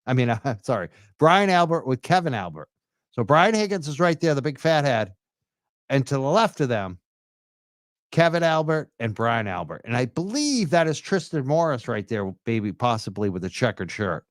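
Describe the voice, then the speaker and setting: A man talks over a video with mocking, crude commentary, laughing at what he sees. His pitch swings widely as he jokes. The sound is dry and close. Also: very animated, moderate pace, no room sound. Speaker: commentator reacting to event footage.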